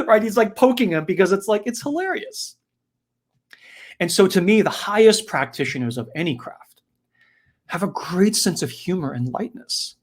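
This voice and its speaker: A man giving a reflective spiritual talk in an animated, conversational way, often checking in with his listeners. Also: high voice, moderate pace. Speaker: spiritual teacher.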